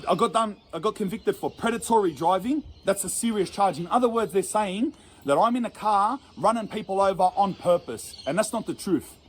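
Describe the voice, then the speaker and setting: An Australian man tells a long, rambling story in heavy slang, swearing freely and laughing at his own mistakes. His voice sits high for a man, with a faint hiss underneath. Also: a little fast. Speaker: storyteller in an interview clip. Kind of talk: casual profane storytelling.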